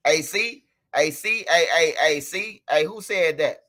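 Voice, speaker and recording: A man's voice: fairly high pitch, measured pace, sharp tone. A man hosting a livestream, telling a story and talking straight to his chat in a loose, profane way. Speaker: livestream host. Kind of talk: casual livestream commentary.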